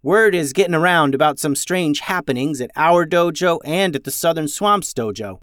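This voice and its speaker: A man's voice: on the high side, animated, moderate pace, fairly bright tone, no echo, clean studio sound, pitched above the performer's own voice. A man voicing an eager young male ninja hero in a friendly, upbeat way. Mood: urgent.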